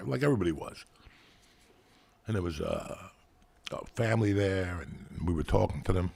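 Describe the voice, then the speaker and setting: A man's voice: fairly low pitch, moderate pace, vocal fry, pauses often, slightly rough. A man from New Jersey hosting a podcast, telling stories in a blunt, profane rant. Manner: animated, blunt, swears heavily, ranting. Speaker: podcast host. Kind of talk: casual profane storytelling.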